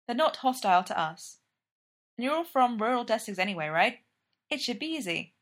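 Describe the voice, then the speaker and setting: A woman voicing a wry, defiant young smuggler captain in her twenties, brisk when giving orders and dry in her sarcasm. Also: on the high side, big pitch swings, voice pushed up. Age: 20s.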